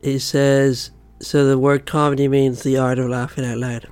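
A man co-hosting a comedy podcast, teasing his partner in a dry, deadpan way. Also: medium pitch, moderate pace, smooth, no room sound. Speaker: podcast co-host. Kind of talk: improvised comedy podcast banter.

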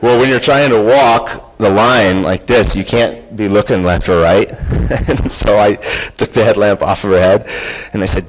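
Low-voiced man telling a story. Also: normal speed, poor audio. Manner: earnest, conversational, acts out quotes. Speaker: speaker telling a personal story. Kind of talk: storytelling talk.

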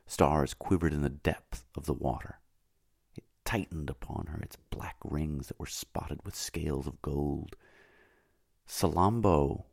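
Deep, gravelly male narrator. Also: no echo, studio quality. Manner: slow, measured, often hushed. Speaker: audiobook narrator. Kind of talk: scripted narration of a literary novel.

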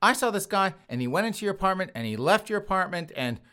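A man's voice: high-pitched, very animated, quick pace, pushed and bright, pitched above the performer's own voice, full character voice. A man voicing a chatty neighbor who describes an intruder in a rambling, raised voice on a comedy podcast.

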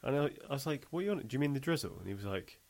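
A man's voice: mid-range voice, expressive, racing, creaky, a little mellow. A man co-hosting a podcast, telling jokey stories in laid-back casual chat. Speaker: podcast co-host.

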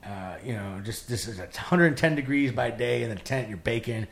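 A man casually telling his life story, animated and profane, acting out the voices of people he met. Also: mid-range voice, normal speed, creaky.

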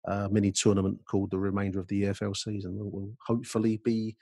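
A man co-hosting a podcast, talking in a halting, rambling way with many restarts. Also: on the low side, monotone, gravelly, warm tone, no echo, clean studio sound. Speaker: podcast co-host. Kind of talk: casual chat.

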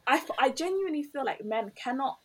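A young woman tells a story in casual chat, rattling along at a fast clip. Her voice sits a little high. She keeps restarting her sentences and acts out the lines she quotes. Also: lively intonation, very noisy. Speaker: guest telling a story.

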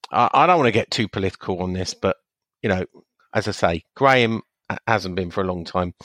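A man co-hosting a casual podcast, explaining his view in a measured way with frequent restarts. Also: lowish voice, fairly bright tone, no room sound. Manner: measured, hesitant, many restarts and fillers. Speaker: podcast co-host. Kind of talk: casual chat.

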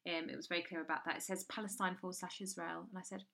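Woman, comic co-host, rambling deadpan storyteller, bright tone. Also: lowish voice, rapid-fire, vocal fry. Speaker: comedy podcast co-host. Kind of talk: improvised comic chat. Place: house in London.

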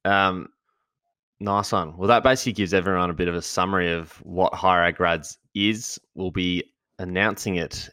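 A man's voice: sits low, fairly even intonation, moderate pace, bright, forceful tone, clean tone, no room sound, studio quality. A man hosting a podcast in a casual, upbeat way with eager interjections. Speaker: podcast host.

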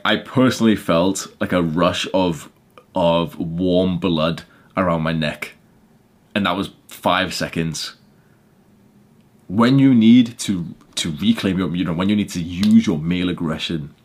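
A young man with a low voice gives a casual motivational talk on his podcast. He is blunt and swears freely, leaning on fillers, and his volume climbs when he drives a point home. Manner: blunt, swearing, many fillers, gets loud. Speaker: podcast host.

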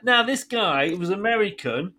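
A man's voice: high-pitched, expressive, moderate pace, sharp tone, faint music behind. A middle-aged man hosting a radio show, chatting with a caller and laughing through his stories. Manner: chatty storyteller, laughs often. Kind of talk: casual chat with a caller.

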